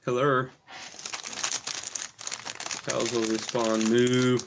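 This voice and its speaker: A man's voice: medium pitch, moderate pace, noisy background. Teasing man joking on a livestream. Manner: joking, teasing, reading out chat comments. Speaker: co-host. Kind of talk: casual livestream chat.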